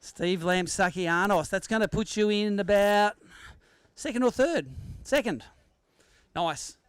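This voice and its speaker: A man's voice: high-pitched, animated, slow pace, clean tone, dry recording. An Australian man emceeing a live fishing weigh-in, chatting with anglers and teasing them with jokes. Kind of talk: live event commentary with banter. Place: outdoor weigh-in at a sailing club.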